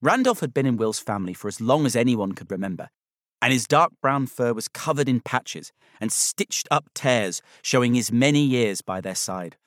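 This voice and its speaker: Male storybook narrator, measured and expressive, dry close sound. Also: mid-range voice, no room sound.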